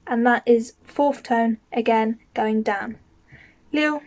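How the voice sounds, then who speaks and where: Woman teaching a lesson, slightly high voice, goes slow and repeats each word twice. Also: steady tone, darkish tone. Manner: patient, says each word twice clearly. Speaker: language teacher. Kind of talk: slow, clear lesson with repeat-after-me drills.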